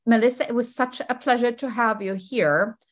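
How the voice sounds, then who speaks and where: A woman's voice: fairly high pitch, normal speed. A woman hosting a podcast, chatting upbeat in an interview with frequent ums. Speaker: podcast host. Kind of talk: casual interview chat.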